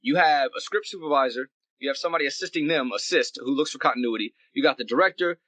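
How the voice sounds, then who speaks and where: A man guest on a casual podcast call, telling a story in an animated way and acting out bits of dialogue. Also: medium pitch, no echo. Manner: animated, acts out dialogue in quick bursts. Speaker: guest actor.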